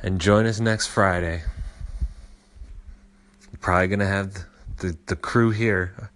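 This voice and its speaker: A man's voice: low-pitched, fairly even intonation, a little slow, fairly bright tone. A young adult man hosting a podcast, telling a story in a rambling, profane way. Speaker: podcast host. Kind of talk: casual storytelling.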